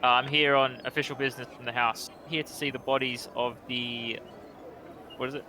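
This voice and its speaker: A man's voice: medium pitch, flat delivery, a little fast, pushed and bright, a little hiss or hum. A man playing a tabletop game, speaking hesitantly in character with stumbles. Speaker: player.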